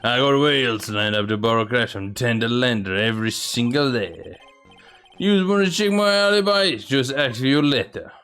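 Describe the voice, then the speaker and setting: A man's voice: medium pitch, lively intonation, moderate pace, fairly bright tone, clear, resonant tone, faint music behind. A man voicing a tough, menacing loan shark from a video game with a put-on Brooklyn accent. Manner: menacing tough-guy growl.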